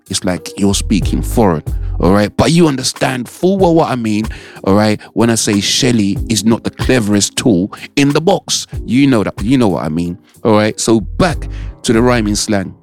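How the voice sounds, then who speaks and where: A man's voice: fairly low pitch, animated, normal speed, a little mellow, soft background music. A British man hosting a radio show, chatting casually with listeners and often checking in with "all right?". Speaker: radio host.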